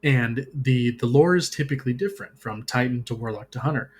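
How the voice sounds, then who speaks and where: A man on a podcast casually recaps game lore. He hesitates often, restarting phrases and filling gaps with ums. His voice sits at a medium pitch. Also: a little fast, breathy edge. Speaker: podcast co-host.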